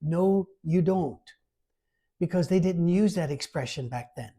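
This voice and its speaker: A man preaching a conversational sermon, informal and lively, reading scripture aloud with emphasis. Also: a little high, a little slow. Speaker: pastor.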